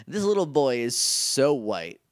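A young man co-hosting a podcast, casually recapping a show with jokes and quick quoted voices. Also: medium pitch, sing-song, no room sound, clean studio sound. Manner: joking, retells scenes with quick quoted voices. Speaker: podcast co-host. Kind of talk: casual comedic recap chat.

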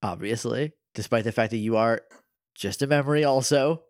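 A man's voice: medium pitch, fairly quick, no room sound. A man co-hosting a podcast in casual chat, making dry, sarcastic quips. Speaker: podcast co-host.

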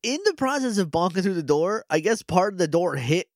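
A man's voice: sits high, lively intonation, brisk, no room sound, studio quality. A man co-hosting a podcast, casually recapping a show episode with laughs and quoted voices. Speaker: podcast co-host.

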